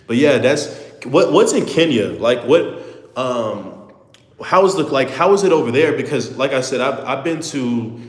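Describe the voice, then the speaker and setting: A nineteen-year-old man chats loosely and sincerely with his livestream viewers, stumbling over restarts and saying bro at every turn. His voice sits at a middling pitch. The room around him is echoey, with a reverb that hangs on. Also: lively intonation, measured pace. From Houston, Texas. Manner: rambling and earnest, full of "bro" and restarts. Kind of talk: casual live chat with viewers.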